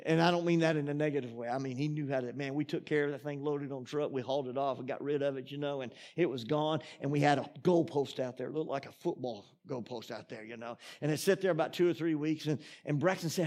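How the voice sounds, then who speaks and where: A man's voice: on the high side, fast, few pauses, darkish tone. A middle-aged man, preaching a sermon in a folksy, storytelling way and reading scripture with rising emphasis. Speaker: pastor.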